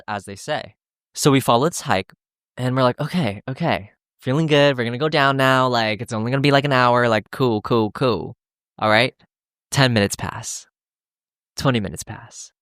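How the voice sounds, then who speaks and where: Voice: medium pitch, normal speed, no echo, studio quality. A podcast host telling a hiking story in casual chat, acting out what everyone said and swearing freely. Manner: animated, acts out quotes, swears freely.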